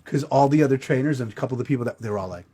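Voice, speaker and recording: A man's voice: medium pitch, racing, warm tone, husky. A middle-aged man telling a crude, self-mocking comedic story as the show's host.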